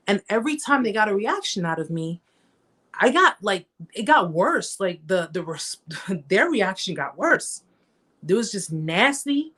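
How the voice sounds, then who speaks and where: A woman's voice: very animated, moderate pace, a bit bright. A woman hosting a live-stream chat, talking conversationally and emphatically, repeating herself and acting out the stories she tells. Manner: reenacts stories with raised pitch. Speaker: host.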